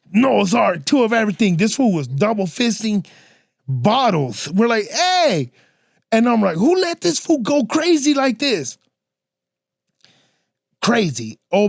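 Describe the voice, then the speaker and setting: Young dude, highish voice, solo podcast storytime, cussing and slang everywhere, super dry close sound. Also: male voice, no echo. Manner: slangy, profane, acts out other people's lines. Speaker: podcast host.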